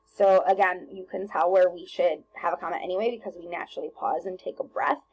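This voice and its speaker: A woman teacher talking students through a recorded grammar lesson on slides, relaxed and chatty with lots of ums and self-corrections. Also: lowish voice, fairly quick, husky, low-quality recording.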